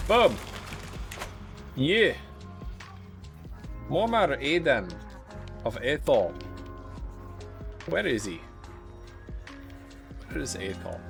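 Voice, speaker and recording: A man's voice: medium pitch, gravelly. Wry male streamer reading game text. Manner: reads game text aloud with wry asides. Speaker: live streamer. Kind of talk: live gameplay commentary.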